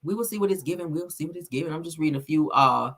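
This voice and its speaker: A woman's voice: sits low, fast, fairly bright tone. A woman hosting a celebrity gossip commentary, blunt, profane and sassy as she reads viewer comments.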